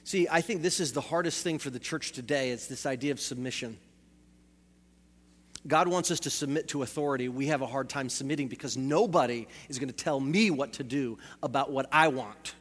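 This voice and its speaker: A man's voice: medium pitch, brisk, fairly bright tone, long reverb tail. A male pastor preaching a sermon in a church, asking rhetorical questions and repeating phrases for emphasis.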